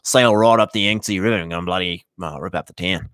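A man putting on a loud, brash Australian bogan voice, blustering with swaggering slang. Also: low voice, brisk, clear, resonant tone, no echo, pitched below the performer's own voice. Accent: put-on Australian.

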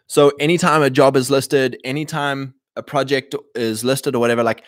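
A man in a casual rambling monologue, clearing his throat often and acting out quoted voices. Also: mid-range voice, fairly even intonation, moderate pace, no room sound, clean studio sound. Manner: frequent throat clearing and restarts.

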